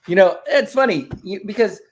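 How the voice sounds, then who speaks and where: A man co-hosting a family live stream, talking loudly and excitedly in casual chat, from the United States. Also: sits high. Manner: loud, excitable, lively delivery.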